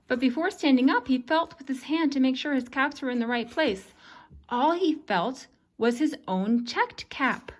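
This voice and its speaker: A woman reading a picture book aloud to a child as an expressive read-aloud storyteller. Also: high-pitched, normal speed.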